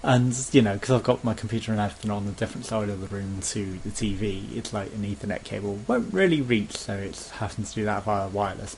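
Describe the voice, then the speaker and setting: A man's voice: fairly low pitch, slight background noise. A man in a casual rambling rant to camera, swearing freely and now and then mimicking pushy phone sales staff. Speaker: vlogger.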